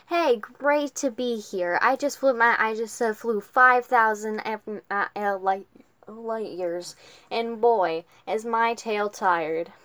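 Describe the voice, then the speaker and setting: A woman reading the lines of a male alien lizard comedian with a hokey stand-up act, halting and stumbling over the words. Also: on the high side, fairly bright tone, dry recording. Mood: joking. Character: cheesy alien lizard comic in costume, male.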